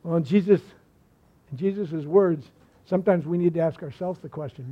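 A pastor preaching a sermon, swinging between forceful emphasis and hushed, soft lines. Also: male voice, fairly high pitch, moderate pace, highs cut off.

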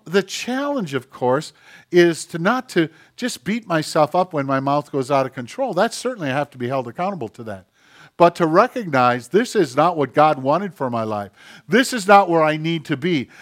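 A pastor delivering a sermon in an emphatic, direct way. His voice sits a little high for a man. He slips into quiet, muttered voices when quoting people. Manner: emphatic, acts out quoted voices in hushed tones.

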